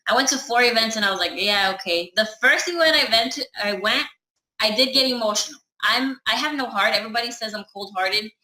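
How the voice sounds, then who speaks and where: A woman's voice: fairly high pitch, brisk, sharp tone, echoey room, poor audio. A woman chatting casually through a personal story, acting out the dialogue as she goes. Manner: chatty, acts out her own and others' dialogue.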